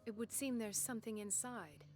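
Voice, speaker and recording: A woman's voice: on the high side, normal speed, a little mellow, faint music behind, close to an everyday voice. An actress playing a determined female doctor in video game dialogue, speaking in an earnest, firm way. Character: determined young female doctor, principled and blunt.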